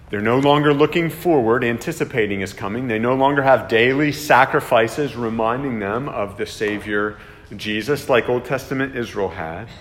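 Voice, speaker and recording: Earnest preacher in a reverberant hall. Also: male voice, mid-range voice, fairly bright tone. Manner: earnest, emphatic, pleading at times. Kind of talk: sermon.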